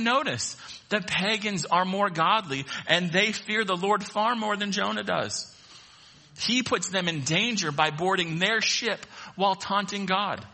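A man preaching a sermon, animated and acting out the voices of the people in the story. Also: on the high side. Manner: animated, acts out voices of the sailors. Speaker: pastor.

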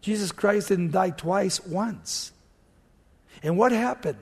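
High-voiced preacher in a reverberant hall. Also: male voice, animated, takes it slowly, vocal fry, slightly rough. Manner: dramatic storytelling, acts out dialogue, swings from loud to hushed. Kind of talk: sermon.

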